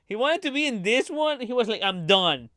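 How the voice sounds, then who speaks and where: A man live-streaming his reaction to a trailer, animated and profane, laughing often. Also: very high-pitched, a little fast, no room sound, studio quality.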